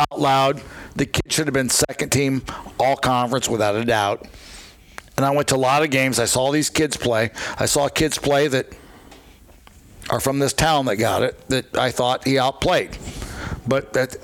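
An older man and grandfather, a guest telling rambling stories in casual chat, blunt and quick to swear. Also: medium pitch.

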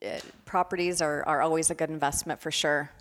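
Lower-voiced woman, hesitant podcast guest. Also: steady tone, a little fast, a bit bright. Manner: hesitant, frequent "um" fillers. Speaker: real estate agent guest.

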